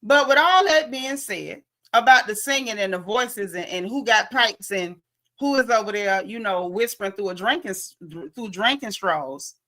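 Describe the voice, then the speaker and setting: Speaking with a high, bright and forceful voice, this Southern American host runs a casual gossip show. She talks straight to her audience in a sassy, blunt manner.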